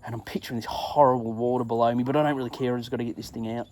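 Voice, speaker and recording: A middle-aged man hosting his own show, telling a crude, self-mocking travel story in a casual monologue and acting out his own shouts. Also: mid-range voice, fairly even intonation, rapid-fire, slight background noise. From England. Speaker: podcast host.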